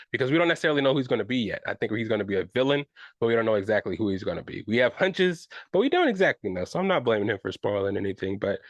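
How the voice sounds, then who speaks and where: A man's voice: mid-range voice, fairly bright tone, no echo, dull audio. A man hosting his own podcast, talking loosely and profanely in a rambling casual way, often checking in with "you know what I'm saying". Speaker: podcast host. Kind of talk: casual solo podcast commentary.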